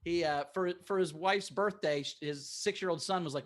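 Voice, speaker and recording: A man who is a guest comic, telling a story in an animated way in a casual comedy chat. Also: on the high side, normal speed.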